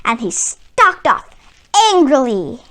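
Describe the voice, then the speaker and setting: Slow, bright-voiced woman reading a storybook. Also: high voice, very animated. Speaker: children's book reader. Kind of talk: read-aloud storytelling for kids.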